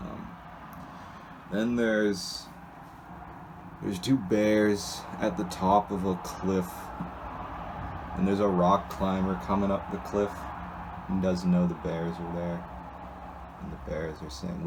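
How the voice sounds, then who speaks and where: A man's voice: deep voice, creaky, noisy background. A man casually describing comics aloud in a rambling, hesitant way, with many restarts and asides. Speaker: solo video host reading comics.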